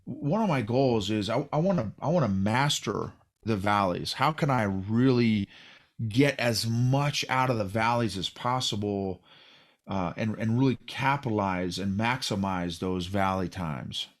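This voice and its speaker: A man's voice: on the low side, unhurried. A man hosting a casual interview, reflective and openly emotional, often restarting his sentences. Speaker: podcast host.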